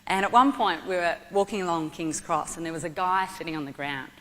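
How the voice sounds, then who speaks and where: A woman with an Australian accent telling a personal story to an audience, animated and vivid. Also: on the low side, brisk, slight background noise. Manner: lively, animated storytelling with acted-out quotes. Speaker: motivational speaker. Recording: long hall reverb.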